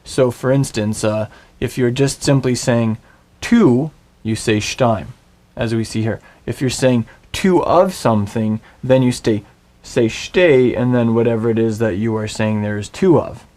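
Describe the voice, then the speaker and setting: A man teaching a video language lesson, slowly and patiently drilling words for the viewer to repeat. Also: mid-range voice, a little mellow. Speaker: Hebrew teacher.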